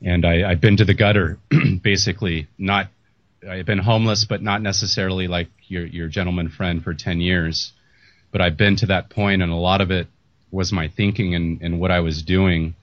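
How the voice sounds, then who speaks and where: A middle-aged man speaks in a very low register, his talk candid, emotional and prone to restarts. The sound is dry and close, with a muffled lo-fi quality. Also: steady tone, normal speed, dry recording. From United States. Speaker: podcast host. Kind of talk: earnest interview talk. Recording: muffled lo-fi audio.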